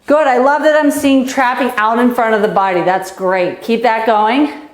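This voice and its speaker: A woman's voice: fairly high pitch, moderate pace. A woman coaching kids through a live online tennis lesson, out of breath and encouraging them while she hits and counts. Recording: echoey room.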